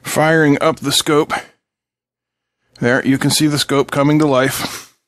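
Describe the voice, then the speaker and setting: A man's voice: on the high side, level tone, unhurried, a bit bright, no echo. A middle-aged man hosting a casual electronics tutorial at his home workbench, joking and chatting with viewers while he solders and tests a board. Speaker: electronics channel host.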